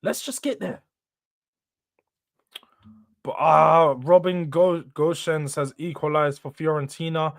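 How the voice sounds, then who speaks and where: Young man, high-pitched watchalong chatter. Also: slow, gravelly, long pauses, dry recording, clean studio sound. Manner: excitable, swings between hype and low-key mumbling, slangy. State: tired, yawning. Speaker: host of a football watchalong. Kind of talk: casual live match commentary and chat.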